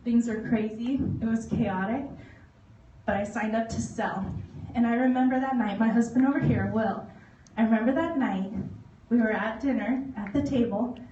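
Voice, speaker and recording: Animated woman speaking in an echoey hall. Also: a little high, moderate pace, lo-fi sound, a little hiss or hum. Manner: animated, laughs often, acts out quoted voices. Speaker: motivational speaker. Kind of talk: testimonial talk to an audience. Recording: echoey hall recorded from far off.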